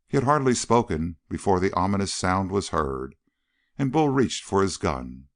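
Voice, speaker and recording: A man's voice: deep voice, very animated, moderate pace. A man narrating a Western novel as an audiobook, with a dramatic storytelling delivery.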